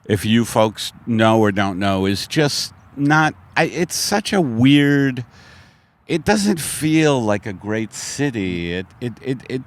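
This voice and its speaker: A man hosting a comedy podcast at a middling pitch, talking in loose, wandering chat. His asides run wry and self-mocking, and his thoughts often trail off and restart. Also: animated, slow pace. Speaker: podcast host.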